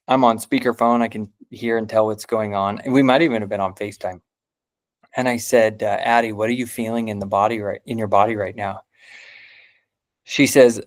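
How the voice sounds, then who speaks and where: A man who is a parent teaches about body sensations, telling a story in a loose, casual way with many fillers. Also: medium pitch. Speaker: trauma healing teacher.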